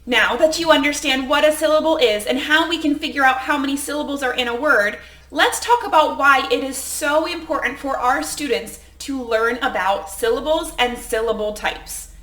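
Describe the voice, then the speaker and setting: An enthusiastic woman teacher walks through a phonics lesson in a clear, explanatory way. Her voice sits a little high and rings bright. The room around her sounds echoey. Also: normal speed.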